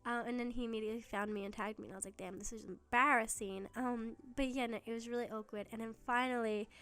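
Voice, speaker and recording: A woman's voice: on the high side, little pitch movement, fast talker, clear, resonant tone. Chatty laughing woman telling a story. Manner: chatty, laughs often, quotes herself in dialogue. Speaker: gaming YouTuber. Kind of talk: casual storytelling vlog. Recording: faulty mic audio.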